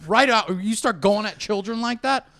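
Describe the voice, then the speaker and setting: A man with a fairly high voice, bantering loosely on a comedy podcast. He laughs through his lines and jumps into jokey bits as he riffs. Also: moderate pace, a bit bright. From New York. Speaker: podcast co-host.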